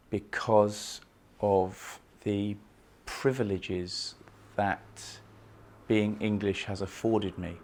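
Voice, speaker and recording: A man with a fairly low voice lectures on poetry and reads lines of verse aloud, chanting the rhythm. His delivery is emphatic, and key words jump up in pitch and loudness. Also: extremely slow. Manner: lively, emphatic, stresses words by rising in pitch and volume. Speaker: literature lecturer.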